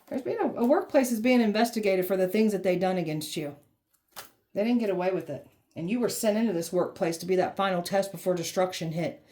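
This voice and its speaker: A woman with a mellow, dark-toned voice delivers a tarot reading. She talks bluntly and sassily, swearing freely and mocking, and her pitch sits mid-range for a woman. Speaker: tarot reader.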